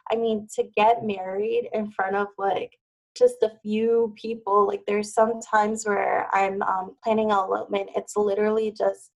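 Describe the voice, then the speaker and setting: Gravelly-voiced woman chatting casually. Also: medium pitch, flat delivery, moderate pace, low-quality recording. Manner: chatty, with many "like" fillers. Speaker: wedding planner, podcast guest. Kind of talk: casual interview chat.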